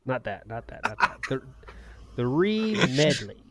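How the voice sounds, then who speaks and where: A man's voice: mid-range voice, sing-song, measured pace, a crowd in the background. A man hosting a podcast, chatting casually and laughing often as he introduces clips. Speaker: podcast host. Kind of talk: casual chat.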